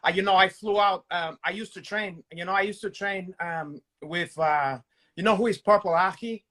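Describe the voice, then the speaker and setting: A man with a Brazilian Portuguese accent talks in a notably high voice. He banters crudely in broken English as a podcast co-host and peppers his lines with Portuguese exclamations. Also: moderate pace, bright, forceful tone.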